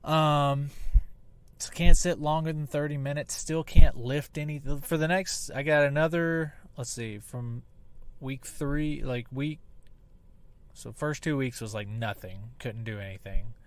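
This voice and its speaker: A man's voice: on the high side, a little slow, clear, resonant tone. A man in his thirties hosting a casual solo podcast, rambling and swearing while still recovering from surgery, talking straight into a laptop mic that sounds hot and poppy. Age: 30s. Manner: profane, rambling, self-deprecating. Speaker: podcast host. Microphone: laptop mic on a video call app, close and popping.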